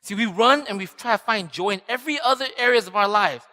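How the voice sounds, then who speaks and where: A man's voice: high-pitched, fast, bright, forceful tone. A man in his thirties preaching a conversational sermon, telling personal stories and often checking in with "right?". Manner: chatty storytelling, often asks "right?". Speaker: pastor. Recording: long reverb in a church hall.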